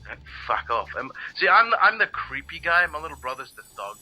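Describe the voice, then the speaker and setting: A man with a Russian accent rambles through crude jokes while co-hosting a game playthrough. His voice is very bright and sharp. Faint music plays behind him. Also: fairly high pitch, very animated, brisk, rough recording. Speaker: let's play co-host. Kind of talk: casual gaming chat.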